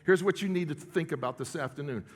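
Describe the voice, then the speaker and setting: A man's voice: on the high side, quick pace. Man preaching in a reverberant church hall. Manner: conversational preaching with audience check-ins. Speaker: pastor. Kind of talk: sermon. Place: church sanctuary.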